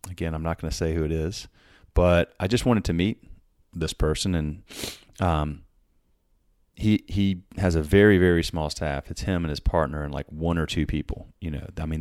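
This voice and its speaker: A man's voice: extremely low pitch, darkish tone, no echo, studio quality. A man telling a work story casually, full of fillers and restarts, acting out the quoted dialogue. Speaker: podcast host telling a story.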